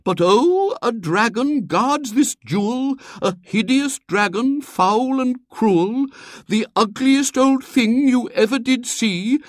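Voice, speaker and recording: A narrator voicing a pompous middle-aged spinster psychic who declaims in a quavering, theatrical way. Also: female voice, fairly high pitch, animated, slow, no echo, clean studio sound, voice pushed up. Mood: excited. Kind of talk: audiobook character voice.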